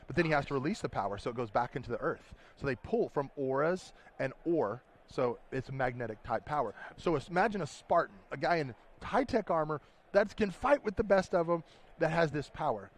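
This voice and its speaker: In a busy convention hall, a game designer explains his tabletop game during a floor interview. His voice is fairly high, expressive and a little fast, and he talks eagerly, rambling and restarting.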